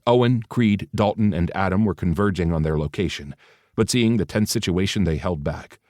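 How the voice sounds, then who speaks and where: Deep-voiced male audiobook narrator. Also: normal speed, darkish tone, no echo, studio quality.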